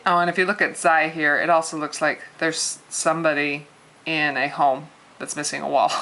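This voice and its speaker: A woman in her thirties walks learners through a lesson at a whiteboard. Her voice sits slightly low yet sounds bright and crisp. She talks casually, circling back, restarting sentences and laughing lightly at herself. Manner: friendly, rambling with frequent restarts and little laughs. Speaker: language teacher.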